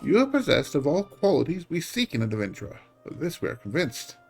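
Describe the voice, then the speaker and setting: A man's voice: fairly high pitch, big pitch swings, a little fast, gravelly, pitched above the performer's own voice, heavily acted. Guy doing a formal game envoy, stately and polite, faint music behind. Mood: earnest, formal. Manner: stately, courteous storybook delivery. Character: formal, earnest envoy of a secret order.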